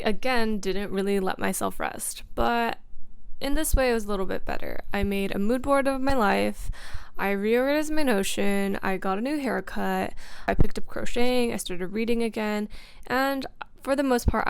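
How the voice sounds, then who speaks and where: Soft-spoken young woman with a gravelly edge. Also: a little high. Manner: soft-spoken, reflective, with frequent fillers like "like". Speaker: vlogger. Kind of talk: casual vlog narration and talking to camera. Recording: faint music underneath.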